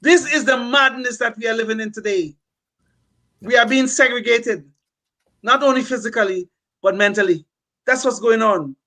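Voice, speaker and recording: A man's voice: extremely high pitch, moderate pace, pauses often, pushed and bright, poor audio. An older man talking as a podcast co-host, impassioned and emphatic, often repeating words as he builds a point. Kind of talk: opinionated political talk.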